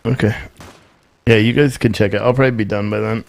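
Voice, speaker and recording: Low-voiced male streamer, loose banter. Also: steady tone, quick pace, gravelly. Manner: loose, slangy banter with teammates and chat. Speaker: streamer playing an online shooter. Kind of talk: casual gameplay chat.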